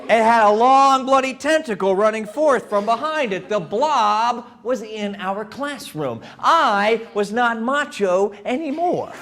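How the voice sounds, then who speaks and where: A high-voiced man tells a story live before a young crowd. His pitch swoops and leaps all over the place, and he keeps playfully stopping to speak with his listeners. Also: unhurried, hardly any pauses. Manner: animated and playful, talks to the crowd. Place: live event before an audience.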